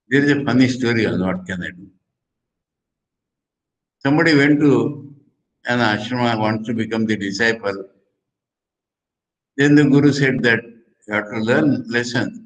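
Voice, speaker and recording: An older man with an Indian English accent, a monk who teaches scripture slowly, repeats phrases and recites Sanskrit verses. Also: mid-range voice, a bit bright, poor audio. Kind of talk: religious discourse.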